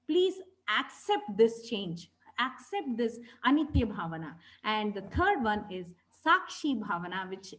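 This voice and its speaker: A woman's voice: a little high, rough recording. A woman, teaching yoga philosophy in an earnest, storytelling way and often stopping to correct herself. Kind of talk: spiritual teaching talk.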